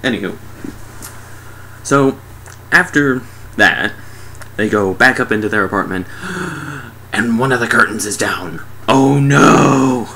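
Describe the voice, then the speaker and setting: A man's voice: lowish voice, measured pace, pauses often, sharp tone, slight background noise, poor audio. A man giving a casual, comedic movie recap in a sarcastic, mock-exasperated way. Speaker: movie reviewer.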